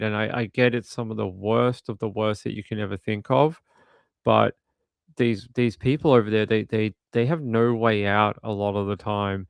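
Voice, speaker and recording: A man with a gravelly, creaky edge comments on true crime footage in a rambling, indignant way. His voice is smooth and resonant, and the recording is close and dry. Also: fairly low pitch, steady tone, moderate pace, no echo. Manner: rambling and indignant, with frequent restarts. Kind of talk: casual commentary while watching videos.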